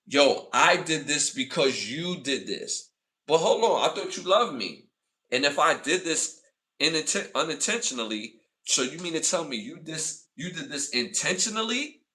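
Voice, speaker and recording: A man with a somewhat high voice, speaking at a moderate pace and picked up by a distant mic, hosts a live podcast. Chatting casually to his chat, he's animated, repeats points for emphasis, and acts out arguments in a raised voice.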